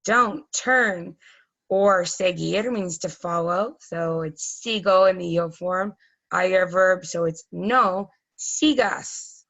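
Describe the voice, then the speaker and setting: A woman's voice: lowish voice, slow pace, a bit bright, muffled recording. A woman teaching a recorded Spanish grammar lesson, explaining patiently step by step with frequent ums.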